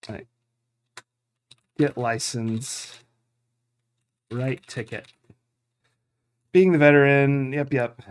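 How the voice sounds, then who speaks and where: A man streams a game live, thinking aloud as he goes. He rambles with fillers in a medium-pitched voice. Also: steady tone, slow, long pauses, clear, resonant tone. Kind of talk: live game playthrough commentary.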